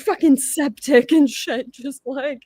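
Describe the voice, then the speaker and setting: A woman's voice: sits high, fairly even intonation, slow pace, warm tone, no echo. A young adult woman chatting casually on a livestream, rambling, swearing and laughing as she talks. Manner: rambling, profane, laughing often. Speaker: livestream host.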